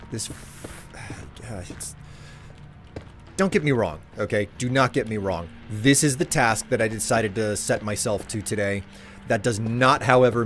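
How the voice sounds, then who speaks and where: Chatty male streamer, lowish voice. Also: slight background noise. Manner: rambling, chatty, warmly addresses viewers. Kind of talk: casual chat while gaming.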